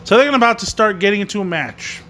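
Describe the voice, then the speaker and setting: A man's voice: high voice, lively intonation, quick pace, pushed and bright, a little hiss or hum. A man hosting a wrestling podcast, recapping a show and ranting angrily with constant swearing. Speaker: podcast host reviewing wrestling. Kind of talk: profane rant recapping a show.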